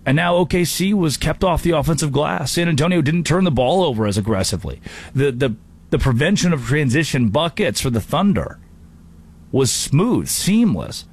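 A man hosting a sports talk show, delivering an animated, jokey monologue with quick impressions. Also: a little high, slightly rough.

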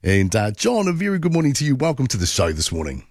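A man's voice: medium pitch, wildly swooping pitch, quick pace, dry recording, clean studio sound. A man with a New Zealand accent hosting overnight talkback radio, chatty and rambling with many fillers. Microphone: studio microphone.

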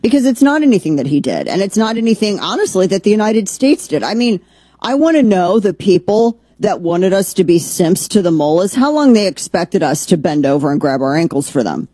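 A woman's voice: mid-range voice, big pitch swings, moderate pace, mellow, husky, no echo. A woman hosting a political talk radio show, blunt, sarcastic and combative in her opinions.

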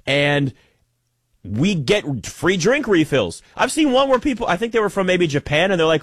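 Man, sports talk monologue, sarcastic and animated, higher voice, dry close mic. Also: normal speed, husky, no room sound. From United States. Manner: animated, sarcastic, emphatic with many restarts. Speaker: sports commentator.

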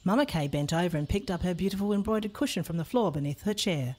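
A woman reading a children's storybook aloud in an expressive, playful way. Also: lowish voice, quick pace.

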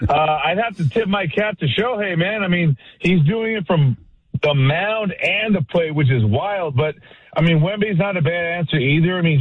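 A man's voice: a little high, breathy edge, dry recording. A man calling into a sports radio show, chatting casually and praising the host. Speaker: caller. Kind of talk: call-in radio chat. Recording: tinny phone line.

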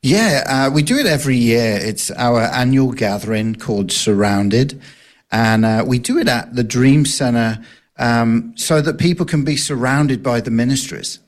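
Relaxed male ministry guest on radio. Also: medium pitch, unhurried. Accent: non-American, from further south than Texas. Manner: easygoing, joking, with hesitant fillers. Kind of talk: radio interview.

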